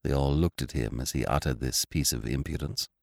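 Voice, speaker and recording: A man narrating a classic short story in an expressive, theatrical manner. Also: rumbling low, a little fast, creaky, no echo, clean studio sound.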